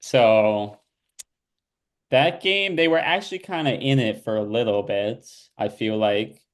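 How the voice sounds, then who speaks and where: A young man co-hosts a podcast with his sibling, chatting casually about his sports team in a laid-back way, rambling through fillers and restarts. His voice is fairly low and his pace unhurried.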